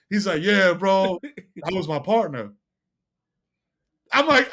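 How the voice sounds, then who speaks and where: Lively New storyteller man. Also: sits high, slow pace, pauses often. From New York. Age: middle-aged. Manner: animated, profane, acts out the people in his stories. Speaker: podcast guest. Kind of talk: casual storytelling chat.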